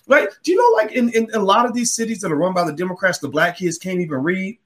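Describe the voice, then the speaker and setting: A man's voice: fast talker, few pauses. A man hosting an opinion podcast, delivering a heated, sarcastic monologue with wide swings in delivery. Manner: heated, sarcastic, mocks others in put-on voices; animated, swings pitch widely. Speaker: podcast host.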